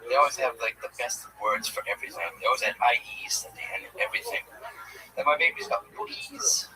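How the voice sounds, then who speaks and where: A man's voice: medium pitch, fast talker, far from the mic, noisy background. A man in his thirties doing a crude stand-up set, then chatting with the host on a comedy club stage. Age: 30s. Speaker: open-mic comedian. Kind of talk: stand-up set and onstage chat.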